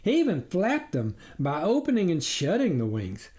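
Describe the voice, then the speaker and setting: A man's voice: sits high, huge pitch swings, moderate pace, darkish tone. A man reading his own satirical story aloud in a wry storybook narration.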